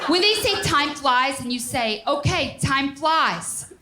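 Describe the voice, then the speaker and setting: This is a doting suburban mother with a New Jersey accent, put on by a woman, gushing and sentimental about her boy growing up. Her voice rides high and swings widely. The sound is echoey, with loud live-room noise behind it. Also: lively intonation, slow pace.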